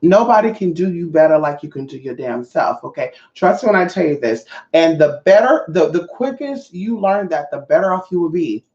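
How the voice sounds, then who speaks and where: A young woman vlogger telling a profane, animated storytime monologue straight to her viewers. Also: sits low, moderate pace, hardly any pauses. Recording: roomy, slightly dull audio.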